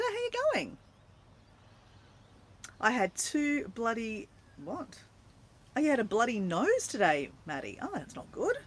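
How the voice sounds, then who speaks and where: Lively, chatty Australian woman. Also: on the high side. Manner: chatty and playful, squealing greetings. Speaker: vlogger greeting live viewers. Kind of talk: casual livestream chat. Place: camper van.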